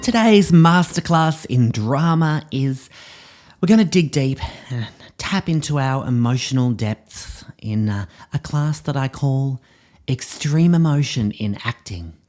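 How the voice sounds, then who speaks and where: A man's voice: mid-range voice, expressive, measured pace, warm tone. A man playing a pompous drama teacher, rambling with fillers in a comedy monologue. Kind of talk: comedy podcast character monologue.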